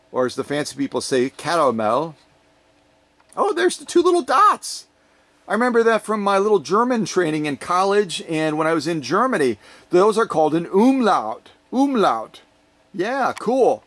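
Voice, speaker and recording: A man who restores sewing machines, chatting casually and playfully to his viewers with jokey asides. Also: fairly high pitch. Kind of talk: casual vlog chat to viewers.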